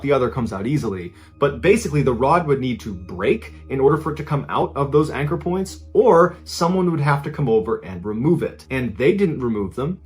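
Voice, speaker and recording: Man telling a suspenseful true story. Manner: suspenseful, drops to a hushed low voice at tense moments. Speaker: podcast storyteller. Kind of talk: dramatic true-story narration.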